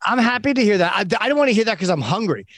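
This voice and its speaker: A man's voice: high-pitched, animated, very fast, fairly bright tone, no room sound. Agreeable man, short replies. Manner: brief, agreeable interjections. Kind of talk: casual chat.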